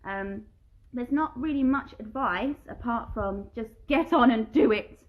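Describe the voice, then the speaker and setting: A woman with a slightly high, somewhat slow voice chats casually at home during isolation, a musical theatre performer reading fan questions aloud and giggling as she answers them on a live-stream Q&A. The audio is narrow and tinny, with background noise.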